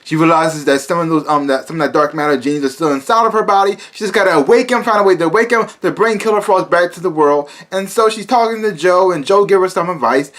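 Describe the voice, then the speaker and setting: A man's voice: high voice, quick pace, few pauses, a bit bright. A man casually reviewing a TV episode, rambling with many restarts and fillers and breaking into exasperated asides.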